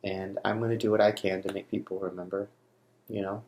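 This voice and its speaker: A grieving young man addresses the camera in his personal vlog, speaking in a low, darkish voice with a gravelly fry and a flat delivery. He halts often, abandoning sentences and restarting them, and the audio bounces around a large room.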